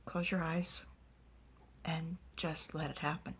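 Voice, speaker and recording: A woman voicing a gentle, wise female unicorn in a soothing whispered role-play. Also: low voice, level tone, takes it slowly, slight background noise, exaggerated voice. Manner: soothing and reassuring.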